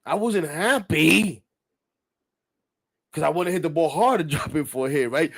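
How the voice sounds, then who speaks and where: Male sports podcast host, middle-aged, animated and rambling, swears, gets heated. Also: on the high side, moderate pace, long pauses, slightly rough. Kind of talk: casual sports talk podcast.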